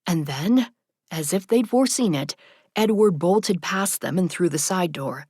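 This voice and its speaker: A woman narrating an audiobook in a soft, measured storytelling manner. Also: fairly low pitch, animated, husky, no echo, clean studio sound.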